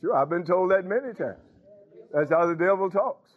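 A man's voice: high-pitched, lively intonation, normal speed, phone-quality sound. A man preaching a sermon, calling out to the congregation and breaking into sung lines.

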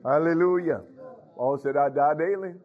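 A man's voice: a little high, normal speed, highs cut off. A man preaching as a pastor, calling out to his congregation with frequent hallelujahs. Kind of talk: sermon.

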